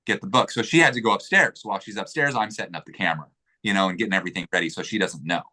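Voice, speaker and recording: A man's voice: low-pitched, racing, pushed and bright. A man telling a personal story in a casual interview, getting emotional, swearing freely and acting out what people said.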